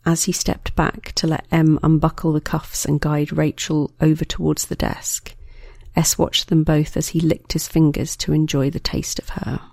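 Erotic story reader, gravelly texture, dry close sound, measured delivery. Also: mid-range voice, flat delivery, a little mellow, dry recording. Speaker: story narrator. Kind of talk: scripted erotic story reading.

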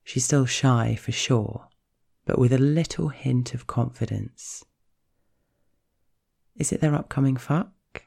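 A man narrating a scripted story in a slow, hushed, measured way. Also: medium pitch, creaky.

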